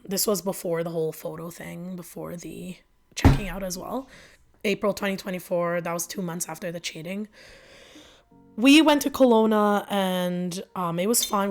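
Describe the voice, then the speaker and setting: A woman guest on a podcast telling a personal story in a casual, filler-heavy way, acting out the back-and-forth of arguments. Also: lowish voice. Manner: emotional retelling that acts out both sides of arguments.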